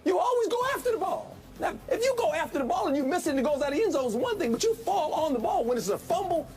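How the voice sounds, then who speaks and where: A man's voice: extremely high pitch, big pitch swings, very fast. A man who is a former football coach, giving plain-spoken, folksy analysis in a sports debate.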